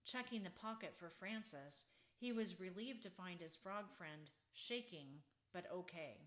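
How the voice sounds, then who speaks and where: A woman author reading her children's book aloud in an expressive, unhurried storybook manner. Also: on the low side.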